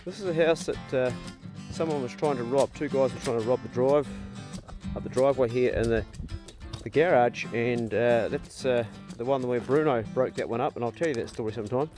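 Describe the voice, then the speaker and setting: A man, chatting in a relaxed, easygoing way as he walks outdoors across farmland. His voice sits at an ordinary middle pitch, picked up by a handheld camera with faint music in the background. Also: a little fast. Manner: chatty, easygoing, talks warmly to dogs. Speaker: vlogger, dog owner. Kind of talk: casual walk-and-talk vlog.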